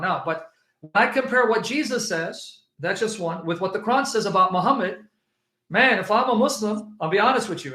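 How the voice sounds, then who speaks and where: Debating religion with a listener, a Christian apologist presses his points emphatically and insistently, quoting scripture with rising force. His voice is high-pitched and sharp, and the recording is reverberant.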